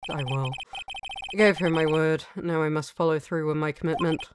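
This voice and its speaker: A woman's voice: low voice, fairly even intonation, moderate pace, noisy background, pitched below the performer's own voice, natural voice. A woman reading as a cool, composed male prosecutor. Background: game music.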